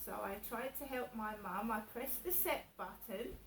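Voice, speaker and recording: A woman's voice: a little high, measured pace, fairly bright tone, slight background noise. A woman talking casually to camera in a personal vlog, chatty and repeating herself as she acts out what others said. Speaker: vlogger. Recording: echoey room, voice a little distant, faint background ambience.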